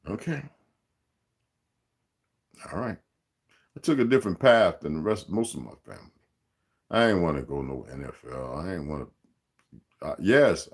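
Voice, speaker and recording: A man in his sixties hosting a livestream, speaking in a rambling, profane, streetwise rant aimed straight at his viewers and chat. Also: deep voice. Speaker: livestream host.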